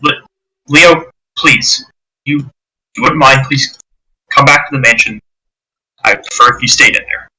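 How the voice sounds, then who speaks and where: A man voicing an anxious town governor who speaks in a hurried, hushed and pleading way. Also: medium pitch, slightly rough, full character voice, rough recording. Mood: urgent.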